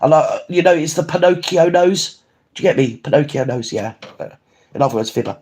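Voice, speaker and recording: A man's voice: animated, fairly quick, a little mellow. A man chatting casually on a livestream, rambling and swearing as he reads out viewer comments. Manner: rambling, swears, swings pitch up and down often. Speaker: livestream host.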